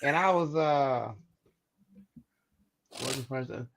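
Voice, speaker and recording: A man co-hosting a podcast, telling a childhood story in casual chat, animated and acting out the voices in it. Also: mid-range voice, takes it slowly. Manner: animated, acts out quoted voices, repeats words. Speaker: podcast co-host.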